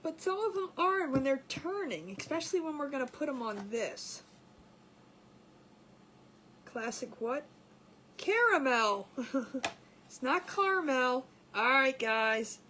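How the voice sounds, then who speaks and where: Giggly high-voiced woman hosting a craft stream. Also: fairly bright tone, a little hiss or hum. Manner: giggly, chatty, reads viewer comments aloud. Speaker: craft livestream host. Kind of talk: casual live crafting chat with viewers.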